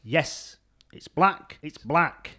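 Acting out a comedy sketch, this man voices a sarcastic, irritable caller repeatedly losing his cool with help desk staff. He speaks very slowly yet animatedly, with a fairly high pitch and a sharp tone.

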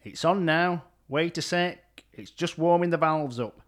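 A man's voice: fairly high pitch, measured pace, a bit bright. A man playing a grumpy, sarcastic caller who keeps losing his temper with a help desk. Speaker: exasperated caller. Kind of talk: comic sketch acting.

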